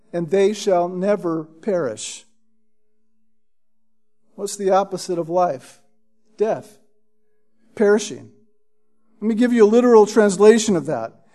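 Male preacher, high voice, emphatic teaching sermon, checks in with "Right?", stumbles now and then. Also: dark tone. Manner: emphatic, repeats "Right?" to the listeners. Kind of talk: expository sermon.

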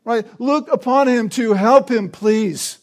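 A man's voice: very high voice, slow, darkish tone. A man preaching an expository sermon, explaining the text and often checking in with the listeners through tag questions.

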